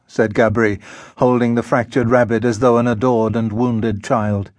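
A man narrating an audiobook in a measured, unhurried storytelling manner. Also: medium pitch, little pitch movement, no echo. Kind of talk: scripted narration. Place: recording studio.

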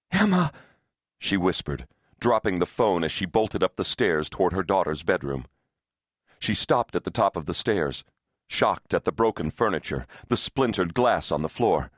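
A man narrating an unabridged thriller audiobook in a steady, tense storytelling voice. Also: low-pitched, no room sound, studio quality.

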